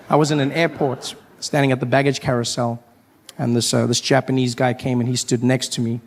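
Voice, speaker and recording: A man's voice: mid-range voice, moderate pace, a little hiss or hum. A man doing stand-up comedy on stage, telling stories animatedly and jumping into voices. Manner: animated, jumps into voices and accents. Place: comedy stage before an audience.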